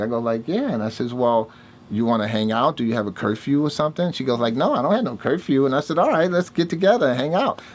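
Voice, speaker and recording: Older new guy, lowish voice, telling stories and doing everyone's voices, bit of hiss. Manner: animated storyteller, acts out dialogue with big pitch jumps. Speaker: interviewee, music producer. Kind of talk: casual storytelling interview.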